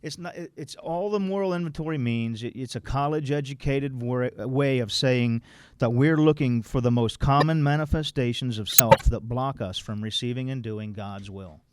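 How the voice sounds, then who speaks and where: A man's voice: mid-range voice, normal speed, clean tone, no room sound. Blunt, folksy man leading a workshop. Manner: blunt, folksy, mildly profane; quotes text then explains it plainly. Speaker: recovery workshop speaker. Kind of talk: informal workshop talk.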